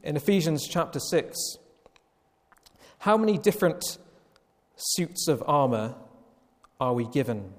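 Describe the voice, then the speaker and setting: A man preaching a Sunday evening sermon, slow and emphatic, with long pauses. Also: fairly high pitch, sing-song. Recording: long reverb of a church hall.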